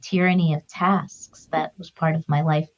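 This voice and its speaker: A woman's voice: low-pitched, flat delivery, moderate pace, lo-fi sound, a little hiss or hum. A middle-aged woman, a guest author and grief counselor, telling stories in an earnest, heartfelt, spiritual way. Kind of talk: reflective conversational interview.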